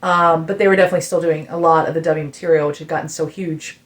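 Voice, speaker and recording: Middle-aged american lady on a podcast, chatty and animated, lots of "like", voice climbs when she gets into it. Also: low voice, fast. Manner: animated storyteller, many "like" fillers, rising excitement. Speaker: guest musician telling a story. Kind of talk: casual podcast chat.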